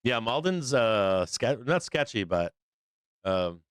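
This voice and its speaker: A man's voice: medium pitch, sing-song, slow pace, clear, resonant tone, dry recording. A man from Boston hosting a live stock market show, talking off the cuff in a rambling, profane way. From Boston, USA. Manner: rambling, profane, with frequent fillers. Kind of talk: casual livestream chat.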